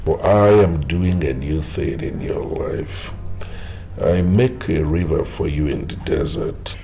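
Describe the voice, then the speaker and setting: An actor with a Nigerian accent playing an ailing older father with a weak heart, speaking slowly and reflectively. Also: extremely low pitch, vocal fry, warm tone, a little hiss or hum, full character voice. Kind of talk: film drama acting.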